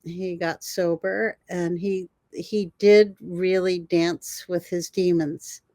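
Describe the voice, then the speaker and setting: An older woman, a guest herbalist, telling animated stories in an interview and laughing often. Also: on the low side, slow, no echo. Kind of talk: storytelling in an interview.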